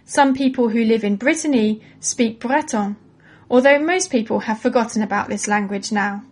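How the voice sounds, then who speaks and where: Lady teaching kids, clear and patient, slightly high voice. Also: normal speed. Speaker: presenter of a children's educational podcast. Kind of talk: scripted educational narration for children.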